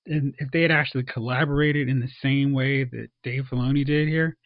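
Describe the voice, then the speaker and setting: A man co-hosting a podcast, casually reviewing a show and acting out characters in quick asides. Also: mid-range voice, fairly even intonation, no echo. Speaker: podcast co-host. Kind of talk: casual movie review chat. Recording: dull, dry lo-fi sound.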